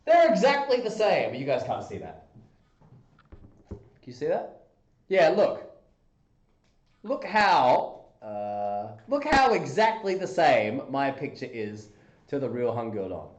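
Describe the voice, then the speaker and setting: A man hosting a casual livestream, chatting playfully with viewers and breaking into goofy squeaky bursts. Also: wildly swooping pitch, slow, pauses often. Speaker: livestream host. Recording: roomy echoey room.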